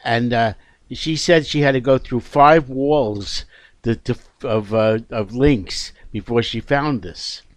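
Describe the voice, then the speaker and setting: A man's voice: mid-range voice, no echo. A man hosting a casual radio talk show, speaking earnestly with many restarts and fillers. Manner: halting, frequent restarts, earnest.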